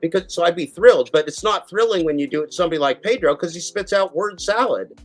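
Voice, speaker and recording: A man's voice: on the high side, fast, soft background music, poor audio. Fired-up ranting man hosting a stream. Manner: animated ranting, swearing, mimicking others. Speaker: show host. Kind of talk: heated live-stream commentary.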